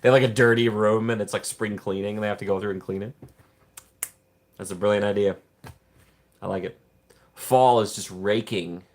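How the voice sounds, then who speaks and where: A man's voice: lowish voice, flat delivery, a little fast, long pauses. A man hosting a casual livestream, rambling and joking while he reads viewer chat. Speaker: livestream host.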